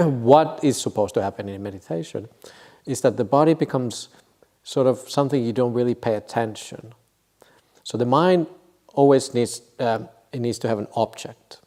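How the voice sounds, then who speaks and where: A man's voice: medium pitch, warm tone. A man, a Buddhist monk, giving an informal dharma talk at a meditation retreat, with wry humor, rhetorical questions and frequent self-corrections.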